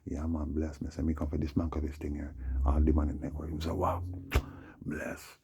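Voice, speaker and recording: With a husky, warm bass voice, this forties-aged vlogger talks quickly in a completely flat delivery. He rambles through a slangy, casual story, frequently checking in by saying "you know what I'm saying."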